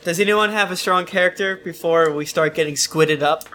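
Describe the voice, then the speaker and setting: A man chatting casually as a tabletop game player, rambling with halting restarts. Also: a little high, pushed and bright. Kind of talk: casual chat.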